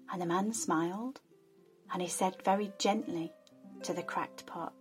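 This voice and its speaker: A woman telling a folk tale in a soft, soothing, relaxing way. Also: lowish voice, moderate pace, faint music behind. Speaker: storyteller. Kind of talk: relaxing storytelling.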